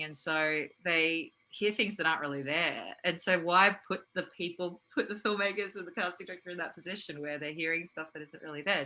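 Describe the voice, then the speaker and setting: Woman, actress-coach, low bright voice, animated chat with lots of fillers. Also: poor audio. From Australia. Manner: animated, laughs often, many fillers. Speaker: guest, actress and acting coach. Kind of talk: casual interview conversation.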